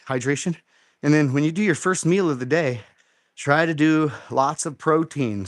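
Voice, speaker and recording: A man's voice: mid-range voice, no room sound, clean studio sound. A middle-aged man hosting a live workout show, coaching a viewer through exercises in an encouraging way and repeating his instructions. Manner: encouraging, repeats instructions, counts reps aloud. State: out of breath after exercise.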